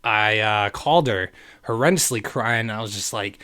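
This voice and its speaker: A man's voice: on the low side, moderate pace, bright, forceful tone. A man in his late twenties hosting a podcast, telling a personal story in an earnest, rambling way and speaking straight to his listeners. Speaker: podcast host.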